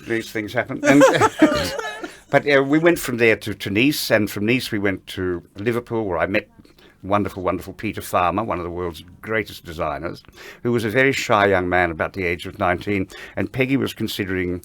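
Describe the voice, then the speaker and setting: Lively older male storyteller. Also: lowish voice, moderate pace. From Australia. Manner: animated raconteur who acts out quoted dialogue. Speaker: interview guest, ballet veteran. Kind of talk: anecdotal interview storytelling.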